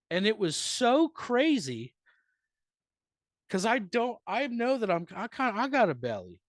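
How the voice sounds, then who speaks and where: Animated, profane storyteller man, dry mic. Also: sits high, slow pace, pauses often, dry recording. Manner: animated, profane, rambling anecdote with big swings in loudness. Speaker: comedian guest. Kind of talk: storytelling on a live podcast.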